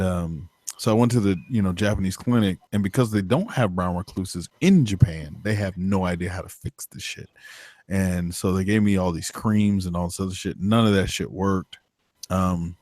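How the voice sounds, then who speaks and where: Deep-voiced man telling a profane story. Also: no room sound. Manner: rambling, profane, filler-heavy. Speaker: podcast co-host. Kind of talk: casual storytelling chat.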